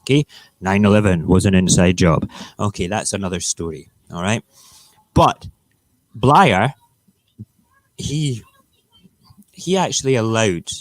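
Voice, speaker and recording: A man's voice: lowish voice, expressive, a little slow, long pauses, no room sound. A Scottish man hosting a live morning talk stream, ranting bluntly and swearing freely. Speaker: live show host.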